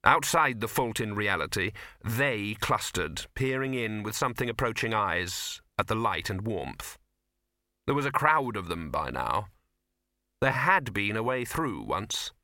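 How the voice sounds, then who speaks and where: A man narrating a comic fantasy novel as an audiobook reader, telling it with lively expression. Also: on the low side, unhurried, dry recording, clean studio sound.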